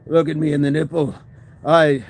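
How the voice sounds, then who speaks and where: A man putting on a rough Irish brogue. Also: a little high, flat delivery, normal speed, a little mellow. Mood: joking. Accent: put-on Irish.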